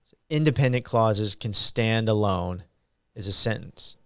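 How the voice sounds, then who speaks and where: A man delivers a university grammar lecture at an unhurried, deliberate pace, pausing often with ums and uhs. His low voice has a gravelly edge yet stays smooth and clear, recorded dry and close. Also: a bit bright, no echo. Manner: slow and halting, many ums and uhs.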